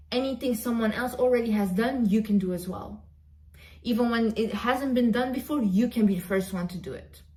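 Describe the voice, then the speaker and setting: Woman hyping up her viewers, emphatic and repeats herself a lot, mid-pitched voice. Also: mellow. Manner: emphatic, repetitive, direct address. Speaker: motivational vlogger. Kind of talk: motivational pep talk to camera.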